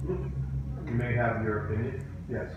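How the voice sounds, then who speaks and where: A teacher with a steady, mid-range voice speaks slowly as he quizzes his class during a lesson. He's firm and dryly teasing, and the echoey room carries faint background noise.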